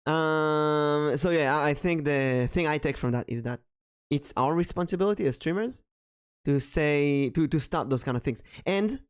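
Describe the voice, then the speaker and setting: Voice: medium pitch, moderate pace, smooth, no echo, clean studio sound. Brief: frank, blunt streamer co-host, mid voice, jokey, casual podcast delivery.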